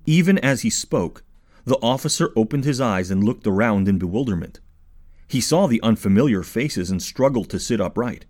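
Man, audiobook narrator, lively pitch, expressive storytelling. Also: normal speed.

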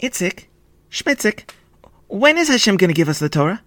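A man voicing an eager, anxious young boy who pleads in high cries. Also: big pitch swings, normal speed, pushed and bright, dry recording, full character voice. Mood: desperate.

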